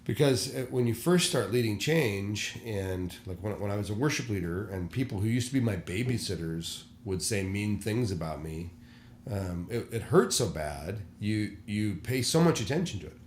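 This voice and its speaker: A man's voice: lowish voice, animated, moderate pace. A man who leads church worship, speaking candidly in a casual podcast conversation and acting out the people he quotes. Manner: candid storyteller, acts out quoted voices. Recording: roomy echo.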